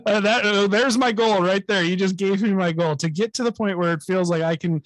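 A man's voice: high-pitched, fairly quick, no room sound. A man hosting a podcast over a remote call, enthusiastic, laughing often and repeating words as he talks. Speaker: podcast host. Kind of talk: casual podcast chat.

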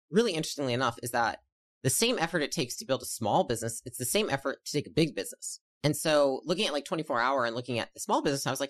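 A young woman, an entrepreneur guest, chatting casually and telling her story in quick, rambling sentences full of fillers. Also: rumbling low. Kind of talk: casual interview chat.

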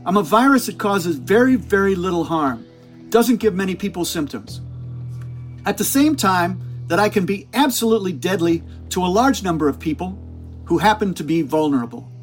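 A man's voice: sits high, animated, moderate pace, faint music behind, voice pushed up. A man doing an impression of an older male doctor who speaks as if he were a scheming virus, in an emphatic, conspiratorial manner.

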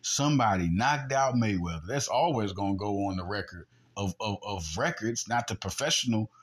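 With a fairly low, breathy-edged voice at normal speed, a man hosting a podcast rants argumentatively about sports. He mimics punches with sound effects during the animated monologue.

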